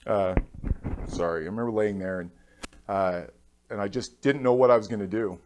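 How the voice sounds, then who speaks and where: On a conference stage, a keynote speaker tells a personal story in a heartfelt, halting way, acting out other people's lines. His voice is lowish and a little mellow, picked up by a stage microphone.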